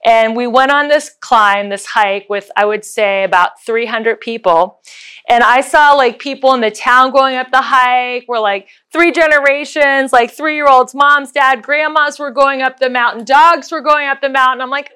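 A woman giving a motivational talk, telling a story with lively acted-out quotes. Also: sits high, moderate pace, clean tone. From United States. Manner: animated, acts out voices in her story.

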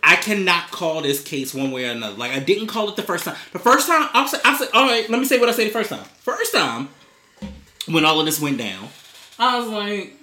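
A man's voice: high voice, sing-song, fairly quick, pushed and bright, reverberant. A man co-hosting a casual podcast in a basement, reading news headlines and adding profane asides. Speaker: podcast co-host. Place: basement studio.

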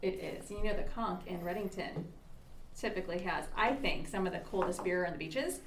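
A woman co-hosting a podcast in casual chat, upbeat and quick to laugh. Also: lowish voice, noisy background. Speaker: podcast co-host. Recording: roomy echo.

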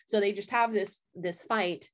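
A woman's voice: medium pitch, steady tone, unhurried. A woman in casual chat, animatedly retelling a story's plot and swearing freely as she quotes the characters. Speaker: podcast co-host recapping a story.

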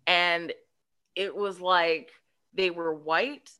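A woman's voice: on the low side, drawn-out words, smooth. A woman, a podcast guest, telling a childhood story in casual chat and acting out the voices in it. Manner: animated, acts out voices in her story.

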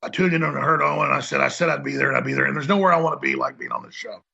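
Heavily gravelly ranting radio man. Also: medium pitch, sing-song, very fast, bright, forceful tone, highs cut off. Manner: heated, rambling, emphatic. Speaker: talk radio host.

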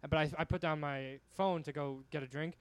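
A man's voice: a little high, steady tone, brisk, smooth, no echo. A man, a guest comedian, telling a rambling anecdote in casual podcast chat, full of restarts and asides.

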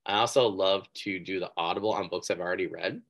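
A man with a very low voice hosts a casual interview. He reacts quickly and with upbeat energy, and drifts into rambling personal asides. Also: a bit bright. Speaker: podcast host.

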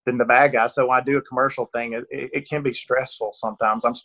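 A man from Northeast Georgia speaks with a rural Georgia accent. He answers questions in a chatty, self-deprecating way, often restarting his sentences and breaking into laughs. His voice sits at a middle pitch. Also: fairly even intonation, normal speed, fairly bright tone. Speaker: actor guest. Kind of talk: casual interview answers.

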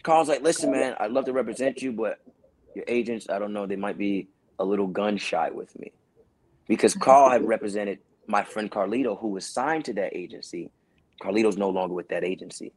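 Man, new york accent, husky voice, casual storytelling, animated, acts out quotes. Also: fairly low pitch, fairly quick. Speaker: podcast guest, actor.

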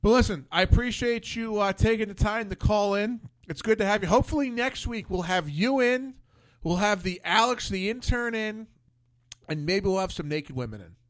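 A man's voice: high-pitched, normal speed, no echo. A man hosting a casual talk show, telling rambling, profane stories with many restarts. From Philadelphia area. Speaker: podcast host. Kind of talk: casual chat.

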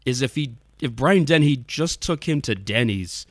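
Laid-back podcast host, dry sound. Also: male voice, medium pitch, expressive, normal speed, no echo. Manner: laid-back, loose storytelling. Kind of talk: casual chat.

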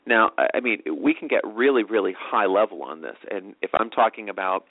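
A man hosting a talk show, explaining things quickly in a rambling way with many fillers. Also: fairly low pitch, lively intonation, no room sound. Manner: rambling, filler-heavy, fast. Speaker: host. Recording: tinny dry phone-like audio.

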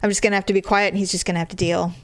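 A woman's voice: mid-range voice, little pitch movement, racing, no echo. A woman with a stuffy nose chatting casually as a podcast co-host over a Skype call, rambling and a bit frustrated. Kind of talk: casual chat.

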